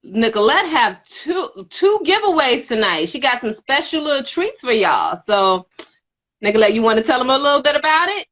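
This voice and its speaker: Hype host woman, high bright voice, folksy and cheering, live video call. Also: very animated, normal speed. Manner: enthusiastic, folksy, says "y'all" and "honey". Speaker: interview host. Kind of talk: live social media interview.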